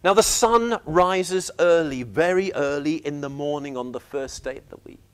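A man preaching a sermon, telling the story with lively, acted-out reactions. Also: on the high side, normal speed, clear, resonant tone. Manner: animated storytelling, acting out reactions.

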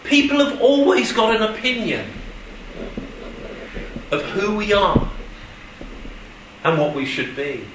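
A high, bright-voiced male pastor delivering a sermon at an unhurried pace. He tells stories with animation and slips into quoted voices. The sound is roomy and comes from some distance off the mic. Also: very animated, slight background noise. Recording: echoey room from a distance.

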